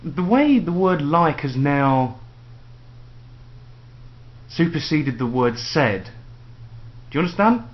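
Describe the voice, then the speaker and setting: A man's voice: a little high, big pitch swings, takes it slowly, long pauses. A man ranting sarcastically to camera in a casual vlog at home. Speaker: vlogger. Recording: dull lo-fi home video with faint noise.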